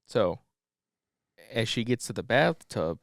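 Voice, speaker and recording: A man's voice: medium pitch, very animated, slow pace, gravelly, no room sound, studio quality. A man co-hosting a podcast, retelling a movie plot in a loose, profane, slangy storytelling style. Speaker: podcast co-host. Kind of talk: casual plot recap.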